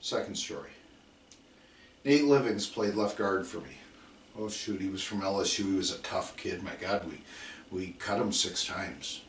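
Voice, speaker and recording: Picked up by a distant mic in a roomy space with a touch of hiss, this middle-aged football coach has a deep voice, lively intonation, and a moderate pace. His coaching lecture is emphatic and repetitive, full of drill calls, stories, and impressions of his players.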